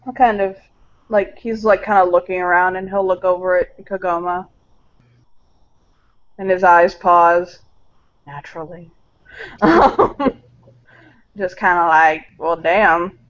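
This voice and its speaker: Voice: medium pitch, slow pace, pauses often, a bit bright. A player narrating their character in a tabletop game, casual and wry, with a loose, conversational delivery. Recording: dull lo-fi recording.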